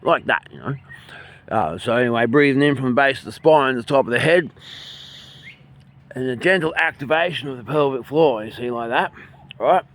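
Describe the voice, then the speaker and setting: An Australian man leading a qigong and breathing lesson outdoors by a bay, filming on a handheld phone, calm and soft-spoken, his voice sometimes trailing off quietly. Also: mid-range voice, moderate pace, pauses often. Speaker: qigong and meditation instructor. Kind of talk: guided breathing instruction. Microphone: handheld phone, filming himself.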